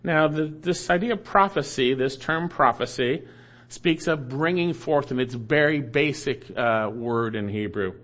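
A man preaching a sermon, emphatic and repetitive, swinging between loud declarations and soft asides. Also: medium pitch, unhurried. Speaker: pastor.

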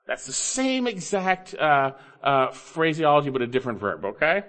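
A man preaching an expository sermon, emphatic, coaxing listeners along with rhetorical questions and swinging between loud stresses and low asides. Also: lively intonation, moderate pace, hardly any pauses. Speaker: preacher teaching Bible grammar.

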